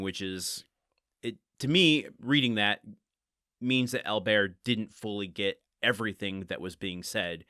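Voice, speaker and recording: A low-pitched man hosts a casual book podcast from home and thinks aloud as he goes. He rambles and pokes fun at himself, and his voice has a bright, forceful edge. The close mic sounds dry. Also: no echo. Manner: rambling, self-deprecating, laughs and thinks aloud. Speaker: podcast host.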